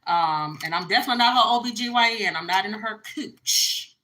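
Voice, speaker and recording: A woman's voice: medium pitch, a little fast, pushed and bright, rough recording. A woman, chatting bluntly and casually through a tarot reading for her viewers. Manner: chatty, blunt, frequent fillers. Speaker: tarot reader.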